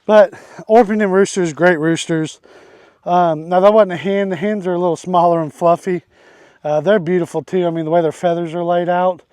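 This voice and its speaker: A young man with a fairly high voice chats casually while he works outdoors on his farm. He jokes around and talks to his chickens as he goes. The sound is dry and close, with no room echo. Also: fairly even intonation, normal speed, darkish tone, clear, resonant tone. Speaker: homesteader vlogger. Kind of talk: casual vlog.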